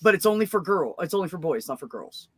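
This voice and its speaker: A woman's voice: on the low side, fast, breathy edge, dry recording. A woman hosting a casual stream chat and telling rowdy, profane stories from her childhood. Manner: profane, animated storyteller. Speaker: stream host.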